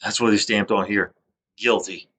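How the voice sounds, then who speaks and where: A man's voice: on the low side, fairly even intonation, moderate pace, noisy background. A man in a rambling, self-recorded monologue, stammering and restarting as he airs grievances. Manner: aggrieved, accusatory. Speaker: vlogger.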